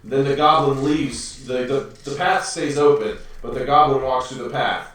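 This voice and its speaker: A man's voice: medium pitch, normal speed, fairly bright tone. A man narrating a tabletop game as game master for his children, rambling with lots of fillers and restarts. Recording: echoey room from far off.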